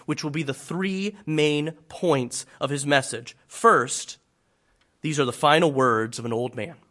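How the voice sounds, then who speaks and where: A man preaching a sermon, telling a scripture story dramatically, swinging from loud to hushed. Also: on the high side.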